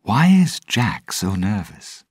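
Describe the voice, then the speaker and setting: A man's voice: big pitch swings, takes it slowly, breathy edge, no echo, studio quality, heavily acted. Man voicing an anxious young man. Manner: higher, questioning tone. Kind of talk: audiobook storytelling.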